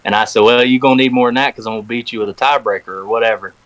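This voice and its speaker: A podcast guest talks very fast in a mid-range voice, telling a long story in a casual, animated way and acting out the phone calls within it. The session takes place in a podcast recording room, and the audio is muffled.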